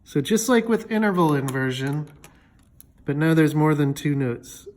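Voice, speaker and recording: A man's voice: on the high side, animated, a little slow, darkish tone. A man teaching music theory in a loose, chatty way, with fillers and jokey asides. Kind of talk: casual explanatory lesson.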